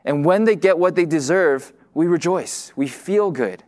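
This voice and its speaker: A man preaching a sermon in a casual way, full of fillers and restarts, who says he tends to talk fast. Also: fairly high pitch, expressive, darkish tone. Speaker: pastor.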